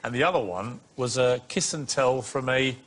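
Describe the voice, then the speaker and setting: A man's voice: mid-range voice, moderate pace, fairly bright tone. A man hosting a TV interview, asking questions in a conversational way with teasing, dry asides. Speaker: TV interviewer host.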